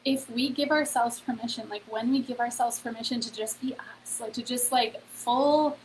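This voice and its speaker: Woman host, slightly higher voice, easygoing live-stream motivational chat with a faint hum behind. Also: fairly even intonation, moderate pace, rough recording. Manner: chatty, heavy on "like" and "okay?", addresses viewers directly. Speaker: host of a free online event.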